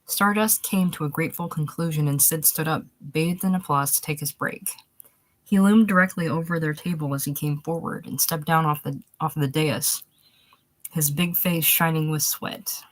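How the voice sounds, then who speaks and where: Woman reading a story out loud, pretty deep voice, fixes her slips. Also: normal speed. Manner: steady reading, restarts after slips. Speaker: narrator. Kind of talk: audiobook reading of a short story.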